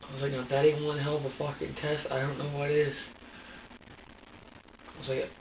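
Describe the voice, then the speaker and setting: A man's voice: a little high, completely flat delivery, brisk, slight background noise. Agitated, swearing man in an interrogation room. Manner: agitated, rambling, heavy swearing. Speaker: interrogation suspect. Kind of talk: police interrogation. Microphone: distant room mic. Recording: dull echoey room audio from far off.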